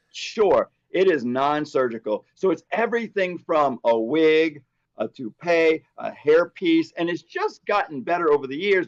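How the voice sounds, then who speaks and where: A man's voice: a little high, dull audio. A man co-hosting a casual chat show, telling stories as a hair replacement specialist. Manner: chatty storyteller, animated.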